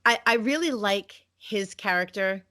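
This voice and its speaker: A woman's voice: medium pitch, lively intonation, unhurried, sharp tone. A woman co-hosting a fan podcast, chatting enthusiastically about a TV episode and laughing often. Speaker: podcast co-host. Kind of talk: casual fan discussion.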